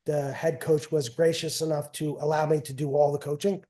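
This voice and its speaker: Middle-aged New man, warm, slightly high voice, loose rambling storyteller who repeats himself. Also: flat delivery, normal speed. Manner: rambling, repeats phrases, trails off. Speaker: guest, wrestling coach and father. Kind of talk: casual storytelling.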